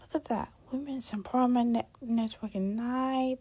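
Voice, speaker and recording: A woman hosting a casual reaction commentary, indignant and drawn-out, sometimes dropping to near-whispers. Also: fairly high pitch, fairly even intonation, warm tone, breathy edge. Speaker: commentary host.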